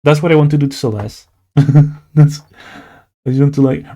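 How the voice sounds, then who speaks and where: This streamer and artist, a young man from Latin America, speaks with a Latin American Spanish accent at normal speed, his voice fairly high with a dark tone. Drawing live, he keeps up casual, playful chatter full of "like" and rambling.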